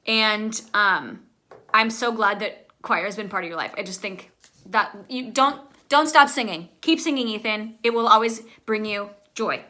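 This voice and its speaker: Bright-voiced woman, chatty and warm. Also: on the high side. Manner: warm, rambling, filler-heavy, chatty. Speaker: choir teacher. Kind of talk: heartfelt farewell messages to graduating students.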